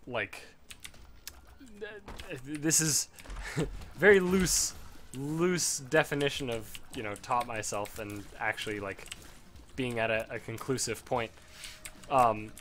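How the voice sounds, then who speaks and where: A man's voice: medium pitch, a bit bright, slight background noise. A young man chatting offhand and rambling while he plays a game, swearing casually. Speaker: gaming video host. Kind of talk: casual commentary over gameplay.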